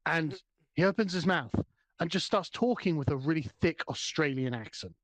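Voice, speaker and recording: A man on a casual reaction stream, animated and quick to joke, stammering as he builds up a point. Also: a little high, no room sound. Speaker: stream co-host. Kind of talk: casual group reaction chat.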